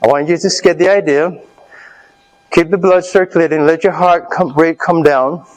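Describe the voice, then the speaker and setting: A man's voice: on the high side, steady tone, normal speed, poor audio. A man leading a live health seminar, coaching his audience through an exercise and checking in with them as he goes. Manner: coaching, urging the audience on loudly. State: out of breath. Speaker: health speaker leading a workshop.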